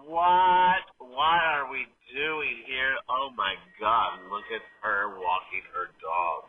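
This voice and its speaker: A man's voice: mid-range voice, slow, a loud crowd, pitched below the performer's own voice, lightly acted. A man voicing a confused, easily distracted male dog riding in a car, muttering to himself over a tinny, noisy line. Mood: bewildered.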